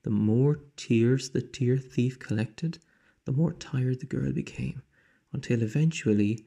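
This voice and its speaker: Slow gravelly man reading a storybook. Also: medium pitch, mellow. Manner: slow, with dramatic whispers. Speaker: teacher reading aloud. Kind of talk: storybook read-aloud.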